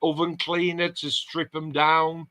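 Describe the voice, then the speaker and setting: A man's voice: on the high side, flat delivery, unhurried, pushed and bright, dry recording. A man hosting a casual livestream chat and reading out viewer comments. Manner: chatty, reads out viewer comments. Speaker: host.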